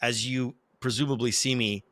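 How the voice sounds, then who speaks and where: A man's voice: mid-range voice, fairly even intonation, normal speed, fairly bright tone, no echo. A man explaining the rules of a tabletop role-playing game to his one fellow player, in casual chat full of restarts.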